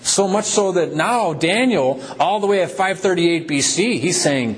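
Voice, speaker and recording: A man preaching a sermon, asking questions with emphatic rises in pitch. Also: expressive, measured pace, few pauses. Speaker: pastor.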